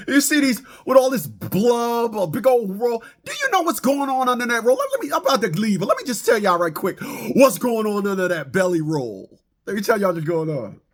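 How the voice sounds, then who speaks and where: High-pitched ranting man, animated. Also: normal speed. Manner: animated, stammering, laughs at own jokes. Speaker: vlogger. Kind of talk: comic rant to camera.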